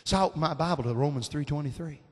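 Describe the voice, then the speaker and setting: A man's voice: on the high side, rapid-fire. A man in his fifties preaching a sermon in a folksy, fervent style, telling stories and calling out amens. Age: 50s. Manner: folksy Southern preaching, rising to fervent shouts. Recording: long hall reverb.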